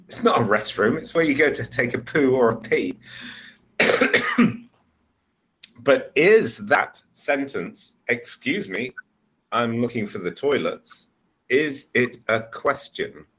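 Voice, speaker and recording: A man's voice: medium pitch, lively intonation, slow, long pauses, a bit bright. A man tutoring English one-on-one over a video call, patiently explaining step by step. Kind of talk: one-on-one online lesson.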